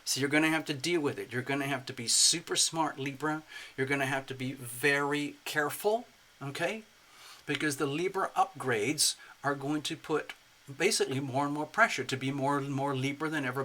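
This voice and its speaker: A man giving a casual spoken tarot reading in an expressive, playful way, slipping into acted asides. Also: a little high, normal speed. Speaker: tarot reader.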